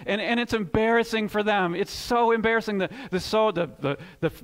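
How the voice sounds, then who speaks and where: In a church sanctuary, a pastor preaches a little fast, alternating between loud, emphatic bursts and hushed, low lines. He often repeats words as he builds toward a point.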